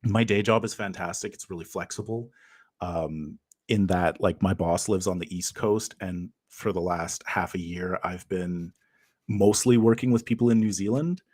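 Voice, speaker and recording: Upbeat joking man, low dry voice. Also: moderate pace, a little mellow, no room sound. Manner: upbeat and joking, laughs easily. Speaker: guest, game master and game writer. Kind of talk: casual interview chat.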